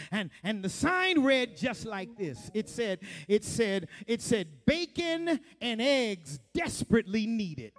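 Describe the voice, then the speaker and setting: A pastor preaching a sermon and telling a story, with lots of repetition, call and response with the congregation, and now and then bursts of shouting. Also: male voice, high-pitched. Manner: animated storytelling, laughs often.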